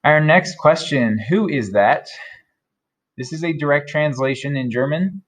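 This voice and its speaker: A man teaching German vocabulary, repeating each word slowly and carefully. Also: on the high side. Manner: slow, careful modeling of German words. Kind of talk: vocabulary lesson.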